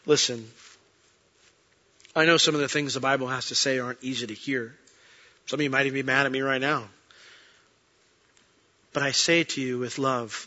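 Bright-voiced pastor preaching earnestly, lo-fi. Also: male voice, mid-range voice, steady tone, normal speed, long pauses. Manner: earnest, rising to emphatic peaks then dropping soft. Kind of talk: sermon.

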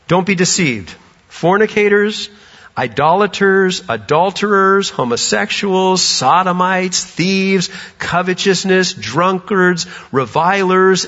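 Animated husky-voiced male pastor preaching. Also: sits high. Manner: animated storytelling, acts out voices. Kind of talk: sermon. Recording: dull sound with long hall reverb.

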